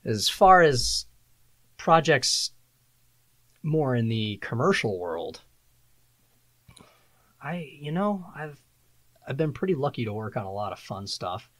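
A man, a voice-over artist and production engineer, telling lively anecdotes in a casual interview. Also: medium pitch, slow pace, pauses often, no room sound. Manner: animated, laughing anecdotes, acts out quotes. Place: acoustically treated office.

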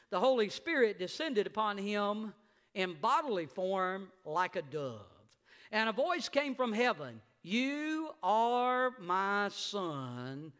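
High, bright-voiced preaching man. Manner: emphatic preaching, slowing down for stress and rising to shouts. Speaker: pastor. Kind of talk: sermon. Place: church sanctuary.

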